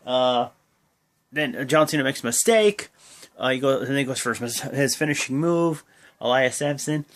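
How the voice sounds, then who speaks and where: A young man talks straight to his viewers as the host of his own channel, running through a wrestling show in loose, excitable chat. He stumbles over fillers and jumps into high, sudden bursts when he acts out what the wrestlers said, then drops back to his ordinary mid-range voice. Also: normal speed. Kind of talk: casual recap talk to camera.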